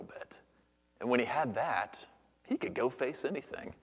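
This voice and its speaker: A man in his thirties preaching a sermon as pastor, earnest, moving between hushed near-whispers and lively storytelling. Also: mid-range voice, unhurried, slightly rough. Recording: long reverb of a church hall.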